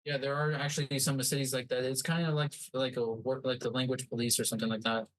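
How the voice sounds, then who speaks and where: A man's voice: medium pitch, little pitch movement, fast talker, rough recording. A man co-hosting a podcast, rambling along in casual chat full of fillers and restarts. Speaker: podcast co-host.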